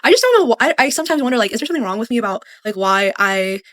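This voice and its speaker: A woman's voice: on the high side, lively intonation, very fast, fairly bright tone, no room sound. A woman in her twenties vlogging earnestly and sounding discouraged. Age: 20s. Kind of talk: vlog.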